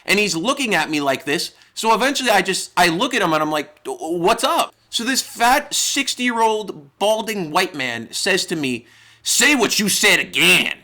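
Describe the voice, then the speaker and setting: Young man from New York, high and bright voice, profane rambling comic storyteller. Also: sing-song, moderate pace, few pauses. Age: young adult. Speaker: YouTuber. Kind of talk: comedic storytime narration.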